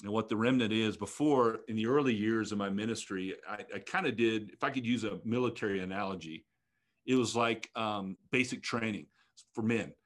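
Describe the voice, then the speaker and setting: Earnest low-voiced man telling his story. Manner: earnest, reflective, halting with restarts. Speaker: ministry leader guest. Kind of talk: personal testimony in an interview.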